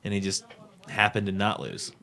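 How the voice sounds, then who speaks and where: A man's voice: on the low side, moderate pace. A man co-hosting a podcast, telling stories in casual, crude banter and laughing often. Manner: animated, laughing storyteller. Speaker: podcast co-host.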